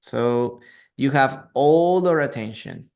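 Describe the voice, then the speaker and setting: An upbeat male English teacher on a live stream, cheering his student on with bursts of enthusiasm. He often stops and restarts his questions mid-sentence, and his pitch sits at an average level. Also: animated, takes it slowly, gravelly, darkish tone. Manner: encouraging, exclamatory, hesitant restarts. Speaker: English teacher hosting a live reading class.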